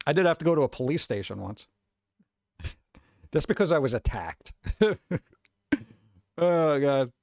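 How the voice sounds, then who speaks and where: A man's voice: on the high side, a little mellow, no echo, studio quality. Rambling, swearing streamer man. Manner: rambling, swears, chuckles often. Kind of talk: casual chat, answering chat.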